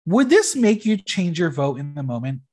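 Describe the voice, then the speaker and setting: A man hosting a casual podcast, recapping a reality show in an opinionated, expressive way and swearing freely. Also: fairly high pitch, moderate pace.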